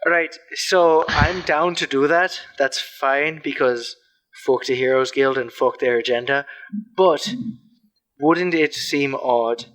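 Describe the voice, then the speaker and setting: A man's voice: mid-range voice, a bit bright, poor audio. A man playing a tabletop game in a casual, joking and blunt manner. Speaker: player.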